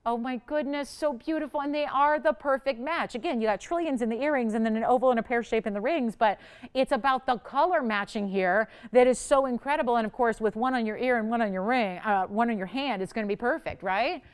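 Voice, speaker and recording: A woman hosts a live home-shopping show from a TV studio. Her voice is smooth and a little high, and her delivery is chatty and excitable, with steady pressure to buy right away. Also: fairly quick. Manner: chatty and excitable, pushing urgency. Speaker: shopping channel host.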